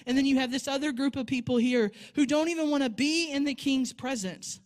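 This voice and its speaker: A woman's voice: high voice, a little fast, darkish tone. Woman preaching a fervent sermon. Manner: storytelling, building to fervent exhortation. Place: church sanctuary.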